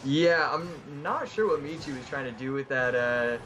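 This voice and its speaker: A man's voice: mid-range voice, animated, normal speed, background noise. Filler-heavy male esports co-caster. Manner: loose, filler-heavy analysis with many uhs and likes. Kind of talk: live esports commentary.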